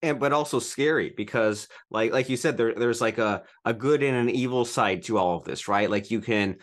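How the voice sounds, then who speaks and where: Podcast host man, mid pitch. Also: moderate pace. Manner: loose, with frequent "like" fillers. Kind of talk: casual podcast interview.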